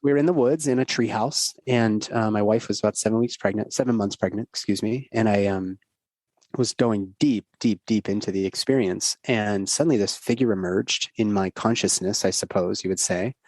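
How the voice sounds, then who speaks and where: A man's voice: on the low side, moderate pace, a little mellow, dry recording. Earnest rambling man, podcast guest. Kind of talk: casual podcast conversation.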